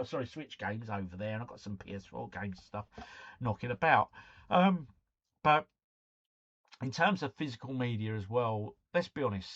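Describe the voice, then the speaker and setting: A man's voice: medium pitch, fairly bright tone, dull audio. A man hosting a casual live stream, chatting to viewers, reading out quiz scores and breaking into bits of song.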